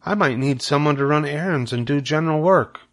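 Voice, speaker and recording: A man voicing a clever, gentle female spider in a storybook, speaking softly and decisively in a raised voice. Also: a little high, a little fast, pitched above the performer's own voice, lightly acted. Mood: calm resolve. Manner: soft, calm and decisive.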